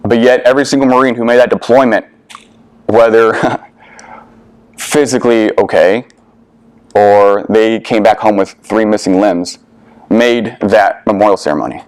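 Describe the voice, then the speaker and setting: A young adult man tells a personal war story to an audience. He is earnest and candid, with a slightly low voice and some casual swearing. The sound is dry and close, with no room echo. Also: measured pace, long pauses. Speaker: veteran speaker.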